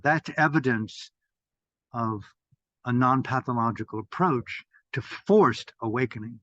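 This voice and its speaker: An older man giving an impassioned talk as a meditation teacher, swearing freely and swinging between loud bursts and hushed asides. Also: medium pitch, unhurried, no echo. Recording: dull, dry lo-fi audio.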